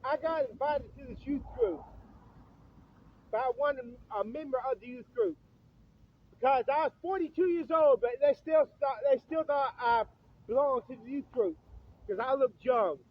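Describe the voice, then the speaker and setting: This fifties-aged vlogger is outside near a church at night, angrily ranting at his camera with constant swearing and bitter repetition. He talks at a normal speed in a very high voice, captured with lo-fi sound.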